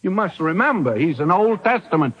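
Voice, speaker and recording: High, lively-voiced male preacher on old radio. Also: fairly quick, husky, highs cut off. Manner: emphatic preaching with rhetorical questions. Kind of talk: sermon.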